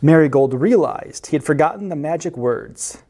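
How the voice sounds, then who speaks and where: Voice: medium pitch, expressive, normal speed, dark tone. A library storyteller reading picture books aloud to children, who asks the listeners questions and explains words along the way.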